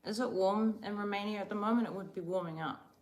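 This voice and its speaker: A woman's voice: mid-range voice, fast talker. A young woman from Croatia hosting a casual livestream, chatting in a rambling, oversharing way. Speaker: livestream host. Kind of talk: casual live chat.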